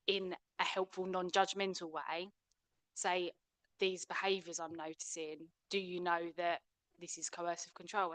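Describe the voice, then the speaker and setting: A woman's voice: lowish voice, bright, forceful tone, no echo. A woman earnestly recounting her own experience of leaving an abusive relationship, in a reflective way. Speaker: abuse survivor speaker. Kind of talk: personal testimony.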